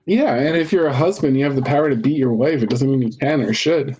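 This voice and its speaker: A man's voice: medium pitch, quick pace, a little mellow, breathy edge. A man co-hosting a casual podcast, bantering and arguing his point in a joking way. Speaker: podcast co-host.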